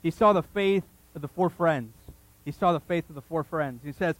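A man preaching a sermon to his congregation, telling the story in an animated, joking way with many restarts. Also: on the high side, normal speed, dry recording, poor audio. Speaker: pastor. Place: church service before a congregation.

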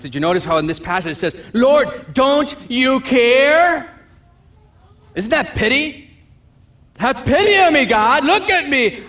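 Man, high-pitched, pastor, preaching, animated, acts out voices, quiet asides. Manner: animated preaching, acting out voices of people in the story; drops to a low, quiet voice for asides. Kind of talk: sermon.

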